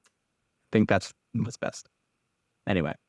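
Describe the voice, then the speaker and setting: A young man hosting his own podcast, talking candidly and haltingly, with frequent restarts and casual swearing. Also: on the low side, darkish tone, dry recording, studio quality. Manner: rambling, halting, restarts often. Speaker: podcast host. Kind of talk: candid personal podcast monologue.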